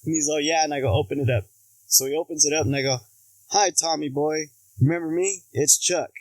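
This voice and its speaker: Speaking fairly fast in a somewhat high voice, an American man shares funny stories in casual chat, acting out quotes in different voices and laughing often. The recording is dry and the audio quality is poor.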